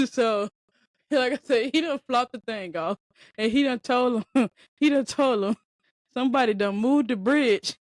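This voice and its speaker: A podcast host with a voice on the high side tells a story at a measured pace, rambling conversationally and addressing her listeners directly. The sound is clean studio quality, with no room sound.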